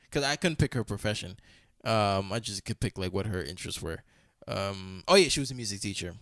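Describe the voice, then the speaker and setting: Young male podcast co-host, mid-pitched, very lively delivery, acts out dialogue, dry close sound. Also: normal speed, no echo. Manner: animated storytelling, acts out quoted dialogue, laughs often. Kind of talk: casual chat.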